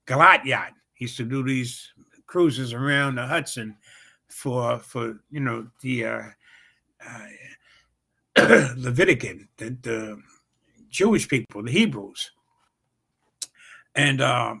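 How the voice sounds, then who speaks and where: A man hosts his own talk show and tells a long, rambling story as a comedian would. His voice has a rough, gravelly edge and a forceful, bright push. He swears freely and fills his talk with uhs and repeated sound effects. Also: mid-range voice. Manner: rambling and profane, heavy on fillers and repeated "bam, bam". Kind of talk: casual storytelling on a livestream show.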